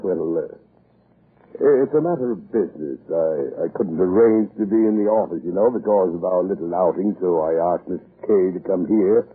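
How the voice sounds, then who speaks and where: An actor playing a pompous, blustering older English lord in 1940s radio acting, who stammers with "uh" when cornered. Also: male voice, sits low, normal speed, breathy edge. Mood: evasive. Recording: muffled lo-fi old radio broadcast.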